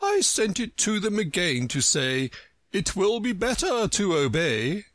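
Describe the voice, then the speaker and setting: Man doing a pompous, touchy storybook egg, lofty verse with big high swoops, dry close sound. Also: huge pitch swings, a little slow, a bit bright, dry recording, exaggerated voice. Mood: pompous reciting. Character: proud touchy egg-shaped male storybook figure.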